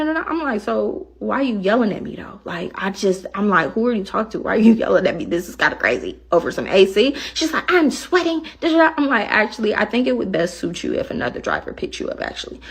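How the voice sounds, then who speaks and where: Rideshare driver, woman, husky, indignant storyteller. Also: medium pitch. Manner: indignant, acting out both sides of the argument. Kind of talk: venting story to camera.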